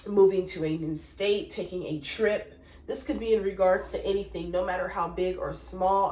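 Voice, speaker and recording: A woman gives a casual tarot reading, talking in a loose, rambling way with fillers and sudden sung exclamations. Her voice sits a little back from the mic in a roomy, echoing space. Her pitch is middling for a woman. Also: a little mellow, far from the mic. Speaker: tarot reader.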